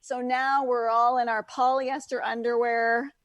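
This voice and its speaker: A woman's voice: a little high, flat delivery, measured pace, fairly bright tone, no room sound. A woman guest in a casual interview, chatty and full of fillers like "like" and "you know". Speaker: guest, natural products founder.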